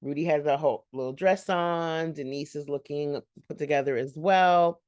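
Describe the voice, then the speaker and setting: A woman's voice: low-pitched, moderate pace, a little mellow, no room sound, clean studio sound. A woman hosting a reaction channel, recapping a sitcom episode in a chatty, rambling way with laughing asides.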